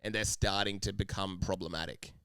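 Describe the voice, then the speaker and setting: A man's voice: sits low, fairly even intonation, a little fast, pushed and bright, smooth, dry recording, studio quality. An Australian man co-hosting a podcast in casual chat, playful and musing aloud. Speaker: podcast co-host.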